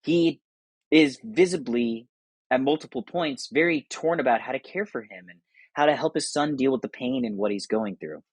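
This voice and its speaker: A young man hosting, giving casual and enthusiastic commentary on films, talking quickly and laughing often. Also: medium pitch, lively intonation, breathy edge, no echo, poor audio. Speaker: podcast host.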